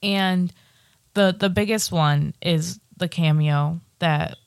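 A woman co-hosting a podcast, chatting casually about a movie she just saw, relaxed and rambling with many fillers. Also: fairly low pitch, takes it slowly, clean tone, no echo, studio quality. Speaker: podcast co-host. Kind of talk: casual movie review chat.

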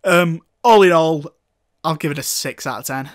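A man's voice: a little high, moderate pace. A young man hosting a casual film review podcast, jokey and teasing, laughing often. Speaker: podcast host.

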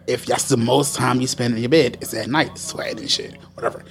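A man's voice: medium pitch, steady tone, fairly quick, gravelly. A man, co-hosting a casual podcast chat, rambling with lots of fillers and casual swearing. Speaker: podcast co-host.

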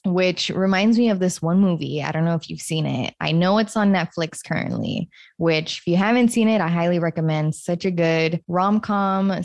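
A woman hosting her own podcast, speaking in a reflective, unhurried way with gentle stresses. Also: on the low side, gravelly, dry recording. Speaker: podcast host. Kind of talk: solo podcast monologue.

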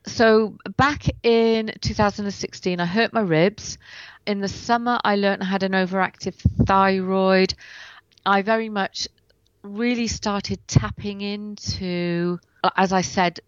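A woman's voice: medium pitch, clear, resonant tone, dry recording. Woman guest telling her story, dull dry sound. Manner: animated, acts out what she and others said. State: in pain while speaking. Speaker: guest, writer and coach. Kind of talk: personal storytelling in an interview. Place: at home.

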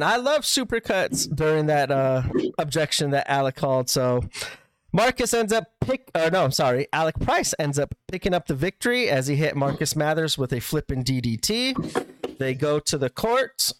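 A man's voice: on the high side, lively intonation, normal speed, smooth, dry recording, low-quality recording. A man co-hosting a casual podcast, animatedly retelling matches and acting out quoted lines. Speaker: podcast co-host.

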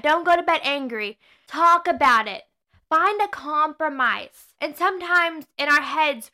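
A woman's voice: high voice, pushed and bright. A young woman hosting a faith podcast, talking earnestly in a preachy, casual way with frequent restarts and self-corrections. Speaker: podcast host.

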